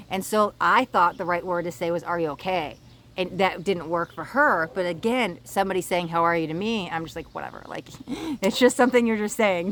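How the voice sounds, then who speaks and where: A woman's voice: medium pitch, a bit bright. A woman giving a casual, rambling oracle card reading to camera outdoors by the water, often checking in with her viewers.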